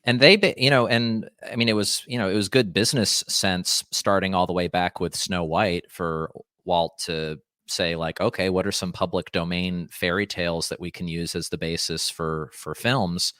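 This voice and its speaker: Man, deep smooth voice, dry close sound, rambling thoughtful chat. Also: steady tone, moderate pace, few pauses, a bit bright, dry recording. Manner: rambling, thoughtful, restarts and fillers. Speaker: podcast guest. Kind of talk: casual conversation.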